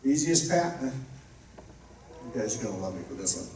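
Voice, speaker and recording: A man's voice: mid-range voice, very animated, normal speed, a little mellow. A man preaching a sermon as pastor, emphatic and repetitive, building to fervent passages. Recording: roomy echo, distant mic.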